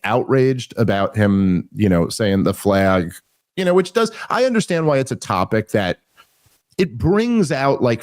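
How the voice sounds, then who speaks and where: Man, podcast host, sarcastic, rambling, animated, dry close recording. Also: medium pitch, no echo. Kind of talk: casual political commentary.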